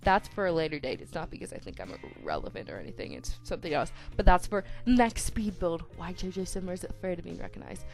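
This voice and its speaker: A soft-spoken teenage girl rambles over a building video, full of "like"s, restarts and self-deprecating asides, her voice cracking here and there. Her voice sits a touch low with a gravelly fry. Faint music plays underneath her desk-mic recording. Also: huge pitch swings, fast talker, hardly any pauses. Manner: chatty, self-deprecating, lots of "like", tongue-tied restarts. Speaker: YouTuber. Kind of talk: rambling voice-over chat during a speed build. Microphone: home desk microphone.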